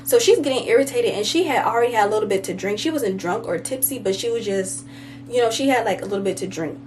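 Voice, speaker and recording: A woman's voice: on the high side, fast, a little mellow, soft background music. Chatty woman rambling through a story. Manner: rambling, with many fillers like "like" and "you know"; slangy and conversational. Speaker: vlogger. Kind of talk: casual storytime.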